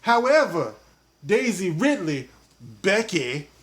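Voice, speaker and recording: A man voicing an exaggerated, sassy woman in a mocking falsetto with drawn-out words. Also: fairly bright tone. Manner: drawn-out mocking falsetto, calls listener "girl".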